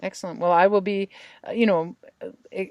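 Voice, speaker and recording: A tapping practitioner hosts a podcast, her medium-pitched voice moving a little fast as she calmly directs her guest through tapping points and phrases to repeat. The sound is lo-fi, with no room sound.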